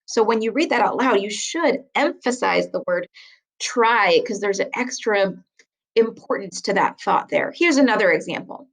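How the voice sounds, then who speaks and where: A woman teacher giving a recorded writing lesson, explaining patiently and clearly, slowing down to stress key words. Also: mid-range voice, lively intonation, low-quality recording.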